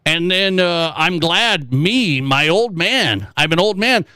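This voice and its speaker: A middle-aged man hosting a sports talk show, telling stories in a rambling, animated way with repeated phrases. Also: high voice, takes it slowly, clear, resonant tone, no room sound. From South Dakota. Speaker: sports talk radio host. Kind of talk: casual sports talk monologue.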